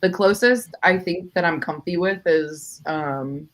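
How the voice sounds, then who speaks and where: A woman's voice: fairly low pitch, measured pace, rough recording. A woman co-hosting a podcast, chatting casually and joking at her own expense, often trailing off mid-thought. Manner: chatty, self-deprecating, trails off. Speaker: podcast co-host. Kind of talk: casual chat.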